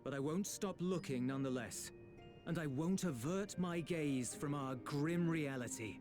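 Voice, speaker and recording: A man's voice: on the high side, unhurried, music in the background, natural voice. An actor playing an earnest, resolute young man in heartfelt video game dialogue. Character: earnest young male patriot, resolute and pleading.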